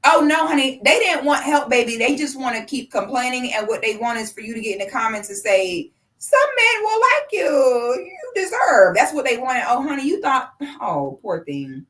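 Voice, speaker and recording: A woman's voice: a little high, lively intonation, brisk, hardly any pauses, fairly bright tone. A woman in her thirties giving blunt, profane, sarcastic commentary on a live stream. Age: 30s.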